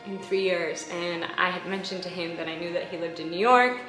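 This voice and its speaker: A woman's voice: lowish voice, fairly quick, echoey room, music in the background, poor audio. A young woman telling a personal story to camera in a casual vlog, chatty and emotional, laughing often between thoughts. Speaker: vlogger.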